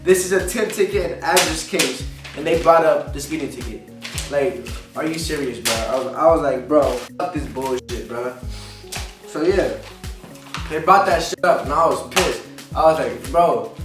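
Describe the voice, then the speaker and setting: A man's voice: a little high, moderate pace. Exasperated man venting into a distant mic. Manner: frustrated, profane, repetitive venting. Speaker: vlogger. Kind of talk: casual vlog rant. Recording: echoey room, distant mic, faint music.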